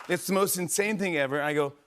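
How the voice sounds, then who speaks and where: A man in his forties hosting a talk show, telling an excited, rambling story full of fillers and quick impressions. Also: fairly high pitch, slight background noise. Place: television studio.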